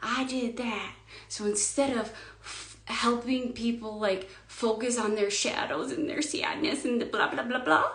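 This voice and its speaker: A woman giving a spiritual coaching monologue, slow and emphatic, often sinking to a hushed whisper. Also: a little high, fairly even intonation, echoey room.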